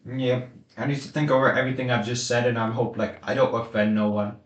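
A teenage boy chats on a podcast in an offhand way, now and then dropping a blunt remark. His voice has a mid pitch and rings with plenty of room echo. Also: steady tone, fast. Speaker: podcast co-host. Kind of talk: casual chat. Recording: echoey room.

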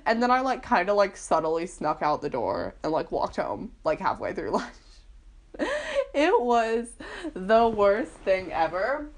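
A woman's voice: medium pitch, big pitch swings, measured pace. A young woman vlogger casually telling a personal story, chatty and full of fillers, laughing often. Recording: poorly recorded.

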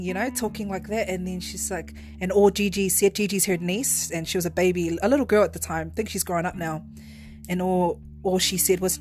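A woman's voice: lowish voice, steady tone, a little fast, darkish tone, faint music behind. A woman hosting a podcast, telling personal memories in a rambling, heartfelt monologue. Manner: rambling, heartfelt, restarts often. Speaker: podcast host.

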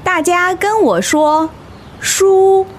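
A woman playing a slow, high-voiced classroom teacher. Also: a little hiss or hum, full character voice. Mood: instructive. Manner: slow, clear drilling. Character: Chinese teacher leading a class.

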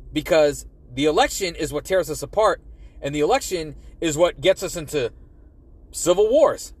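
Rambling, profane young man ranting. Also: high-pitched. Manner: rambling, profane, repeats himself. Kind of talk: casual political rant.

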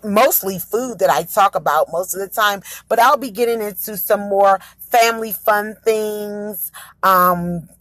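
Woman podcaster, mid pitch, upbeat and rambling, dry close sound. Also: fairly bright tone, no echo. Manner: chatty and upbeat, rambling with fillers and self-corrections. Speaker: podcast host. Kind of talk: casual solo podcast chat.

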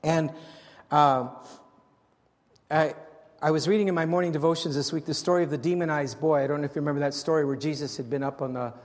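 A pastor with a high-pitched voice preaches a sermon quickly, repeating and restarting phrases to press his point. He swings between loud, animated appeals and quiet, hushed moments, and a long reverb lingers on his words as if in a large hall.

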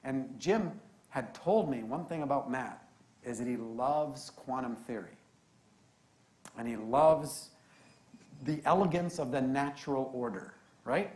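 Male preacher, conversational storytelling, mid-pitched voice, roomy echoing sound. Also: darkish tone. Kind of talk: storytelling sermon. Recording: roomy echo.

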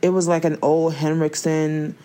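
A woman's voice: low-pitched, flat delivery, normal speed, warm tone. A young woman co-hosting a casual chat, emphatic and ranting with lots of slang and swearing.

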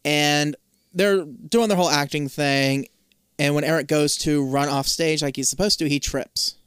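A man's voice: fairly high pitch, steady tone, normal speed, fairly bright tone, clear, resonant tone, no echo, studio quality. A man casually recapping a TV episode on a podcast, swearing freely and rambling as he loses track of names. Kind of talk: casual profane podcast chat.

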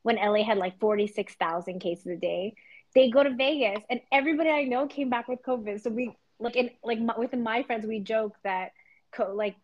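A woman's voice: a little high, brisk, a little mellow, muffled recording. Chatty Canadian woman podcaster. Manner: chatty, many fillers. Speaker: podcast co-host. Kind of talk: casual chat.

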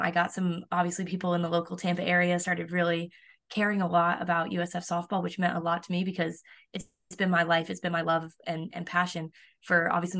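A young woman in her twenties, a college softball pitcher, talking in a chatty, upbeat way with lots of fillers in a casual podcast interview. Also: vocal fry. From United States.

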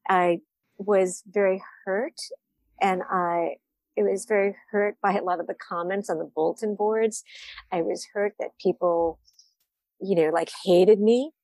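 A woman's voice: medium pitch, steady tone, a little slow, a little mellow, no echo. A woman wine writer answering interview questions, candid and reflective, often laughing at herself.

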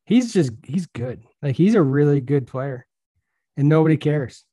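A man hosting a casual baseball podcast, chatting in a relaxed way with lots of fillers. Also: on the high side, measured pace, slightly rough, dry recording. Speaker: podcast host.

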